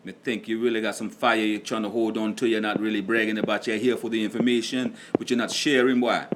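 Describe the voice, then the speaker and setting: A man's voice: lowish voice, level tone, fast talker, a bit bright, slight background noise. A middle-aged man hosting a casual livestream, chatting in a laid-back way and reading out viewers' comments. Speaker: livestream host and music producer.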